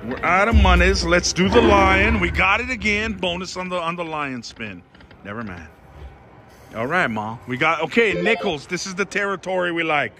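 A man's voice: sits high, expressive, normal speed, crowd noise. A man giving casual live commentary while gambling at a casino slot machine, talking to his viewers in a dramatic, theatrical way.

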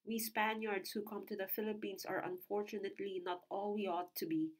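A woman's voice: mid-range voice, steady tone, a little fast, natural voice, poor audio. Woman voicing an old soldier, blunt, grave, matter-of-fact, compassionate.

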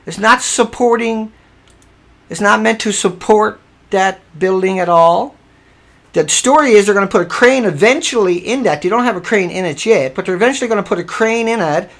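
A man's voice: sits high, fairly bright tone. A man hosting a livestream, arguing his point emphatically and repeating himself. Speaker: livestream host. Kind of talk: casual livestream commentary.

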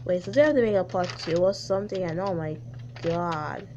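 A woman's voice: on the low side, moderate pace, highs cut off, noisy background. A woman reading a fan story aloud, stumbling over the text and breaking off for sarcastic asides. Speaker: story reader.

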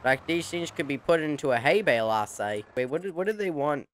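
A man's voice: on the high side, expressive, a little fast, a bit bright. A young man hosting a farming game, giving casual joking commentary in a rambling, playful way. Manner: jokey, rambling, playful cowboy banter. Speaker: gaming channel host.

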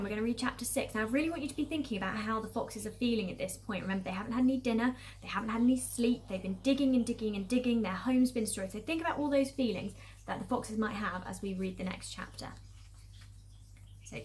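A woman's voice: on the high side, fast talker. A woman, a primary school teacher, reading a storybook aloud and explaining it patiently to young children.

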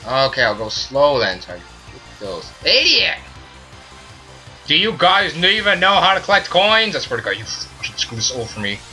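A man playing a video game and commenting, ranting loudly at his teammates in a put-on silly voice. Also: medium pitch, sing-song, fairly quick. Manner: loud, frustrated ranting at teammates. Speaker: let's play gamer. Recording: faint game music behind. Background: game music.

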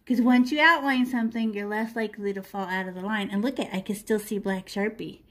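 A woman's voice: medium pitch, steady tone, brisk, a bit bright. A middle-aged woman teaching children to paint, chatty and playful, talking through every brushstroke as she works. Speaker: art teacher. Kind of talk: live art lesson to children.

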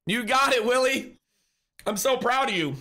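A male streamer with a high, bright, ringing voice, teasing his chat and laughing easily. He thanks viewers and reads out messages in a loose, casual way. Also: lively intonation, moderate pace. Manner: chatty, teasing, laughs often.

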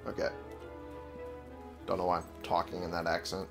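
A man's voice: low voice, completely flat delivery, normal speed, creaky, soft background music. A man casually commenting on a game he is playing, goofy and joking, swearing freely. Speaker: let's play gamer.

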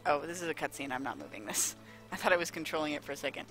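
A woman playing through a game on stream, chatting loosely and wandering off on tangents full of ums and likes. Her voice sits fairly low and has a bright, forceful edge. Faint game music plays behind her close desk mic. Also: racing. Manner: chatty, rambling, with lots of fillers. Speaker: let's play streamer. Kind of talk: casual gameplay commentary.

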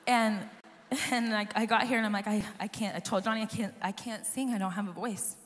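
A woman worship leader, hoarse and losing her voice, telling an earnest personal testimony to a live audience. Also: medium pitch, steady tone, brisk. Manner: earnest, storytelling, talks to the crowd. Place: large conference hall. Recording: live hall reverb with soft music.

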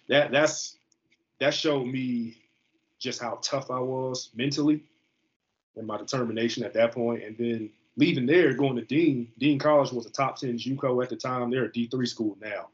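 Animated slangy man, lo-fi sound. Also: medium pitch, moderate pace. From US East Coast. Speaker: guest, football player. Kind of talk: casual storytelling interview. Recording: slightly muffled lo-fi recording.

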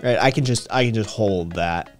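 A man's voice: lowish voice, normal speed. A man with a slight Tennessee accent chatting loosely on a live stream. He rambles, swears freely and laughs a lot. Faint music runs in the background. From Vermont and Tennessee. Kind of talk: casual live-stream chat.

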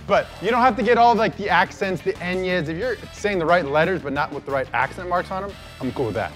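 A young man hosting a trivia challenge, playful and teasing, with an energetic delivery. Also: sits high, brisk, soft background music. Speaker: quizmaster of a challenge game.

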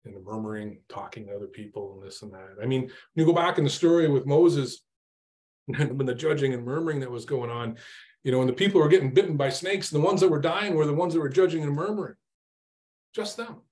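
A man's voice: medium pitch, fairly quick, darkish tone. A middle-aged man preaching an informal sermon, conversational, asking his listeners questions and acting out his own exasperated prayers.

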